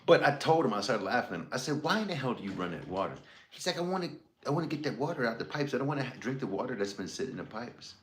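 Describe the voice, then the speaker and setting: A man's voice: medium pitch, sing-song, fast, a bit bright, echoey room, slight background noise. A man livestreaming, telling stories in a casual, rambling way, swearing freely and laughing as he talks. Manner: profane, laughing, rambling banter.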